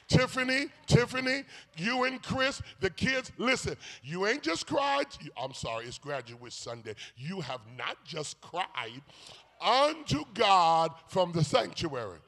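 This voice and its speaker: A man preaching a sermon in a church sanctuary, calling out to the congregation, swinging between shouts and hushed asides, with playful teasing. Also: high voice, very animated, measured pace. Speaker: bishop preaching.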